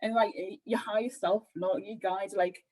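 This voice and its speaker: Podcast guest: a woman healer with a husky voice, animated and rambling. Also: medium pitch, normal speed, poor audio. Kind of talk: casual podcast conversation.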